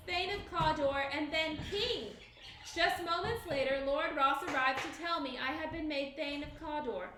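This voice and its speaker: An ambitious, uneasy warrior lord speaks in an earnest storybook way, as a woman reads him. The voice sits high, and the room is echoey with faint hiss.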